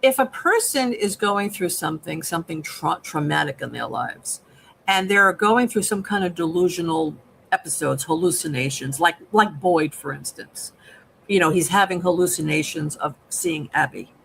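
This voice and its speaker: A man's voice: fairly high pitch, expressive, moderate pace, gravelly, bright, forceful tone, slight background noise, poor audio. A man co-hosting a live film review, explaining his ideas patiently like a therapist and checking in with "okay?" as he talks. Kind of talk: live casual review chat.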